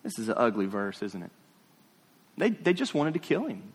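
In a church sanctuary with the long reverb of the hall, a pastor preaches to his congregation, repeating phrases for emphasis and posing questions. His husky, mid-range voice is very animated, swinging from hushed, drawn-out lines to rising, emphatic ones.

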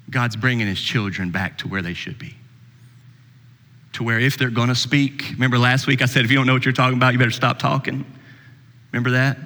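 A male pastor preaching a sermon, dropping to low soft passages and rising to high, emphatic exhortation. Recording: long reverb in a hall.

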